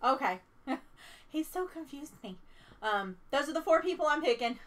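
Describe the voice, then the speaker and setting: Woman, Southern US accent, casual gaming chat, bright animated voice. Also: sits high, normal speed. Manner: chatty, hums suspense noises while waiting on pulls.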